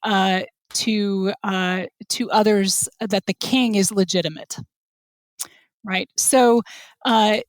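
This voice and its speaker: Woman, guest scholar, explaining research, thoughtful halting delivery, dry close mic. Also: medium pitch, steady tone, dry recording. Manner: thoughtful, hesitant, with many fillers and restarts.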